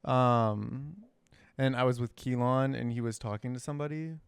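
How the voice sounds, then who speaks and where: A man with a smooth, clear voice chats casually on a podcast. The sound is close and dry. He talks in a laid-back way, with hesitant pauses and fillers. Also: medium pitch, fairly even intonation, dry recording. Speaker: podcast co-host. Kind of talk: casual chat.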